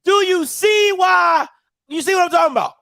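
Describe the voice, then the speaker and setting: A man hosting a live stream, reacting loudly and excitedly to video clips. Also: extremely high pitch, normal speed, gravelly, no echo. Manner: excitable, shouting and laughing at clips. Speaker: host.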